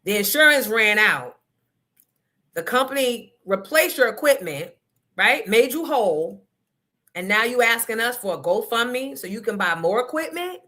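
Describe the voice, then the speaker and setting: Woman, talk show host, blunt, profane, emphatic, bright voice. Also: on the high side, animated, normal speed. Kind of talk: casual livestream rant.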